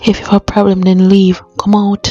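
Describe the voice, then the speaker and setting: A woman with a Jamaican accent voicing a grieving mother in a cartoon, soft and often whispery. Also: mid-range voice, completely flat delivery, fairly quick, muffled recording, soft background music, natural voice. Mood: hurt. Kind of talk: cartoon voice acting.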